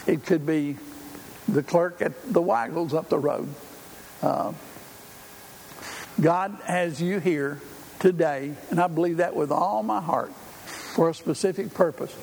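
Older guy preaching, folksy and chatty, gravelly voice, big hall echo. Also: on the high side, a little slow, pauses often, darkish tone. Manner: folksy, conversational, with frequent fillers. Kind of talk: sermon. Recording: hall reverb, faint room noise.

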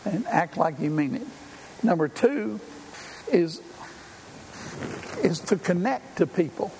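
A man's voice: high-pitched, lively intonation, slow, vocal fry. An older man preaching a sermon in a folksy, conversational way, with frequent fillers. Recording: hall reverb, faint room noise.

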